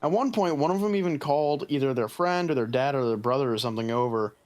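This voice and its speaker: A man's voice: mid-range voice, fast. A young man co-hosting a casual gaming podcast, telling stories with heavy swearing. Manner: profane, animated storytelling. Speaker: podcast co-host.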